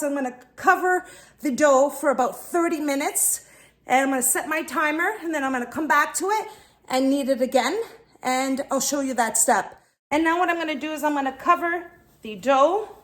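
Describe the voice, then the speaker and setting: A woman's voice: sits high, normal speed, fairly bright tone. A woman hosting a home cooking lesson, chatty and explaining each step, a bit out of breath from kneading dough. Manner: chatty, talks viewers through each step. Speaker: cooking channel host. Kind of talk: casual cooking demonstration.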